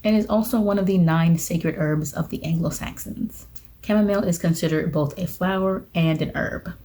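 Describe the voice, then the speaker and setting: A young woman chats casually to the camera for her vlog. Her voice is mellow and sits a little low, and she pokes fun at herself as she laughs off her own slips. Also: moderate pace. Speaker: witchcraft vlogger. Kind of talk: casual talking-head vlog.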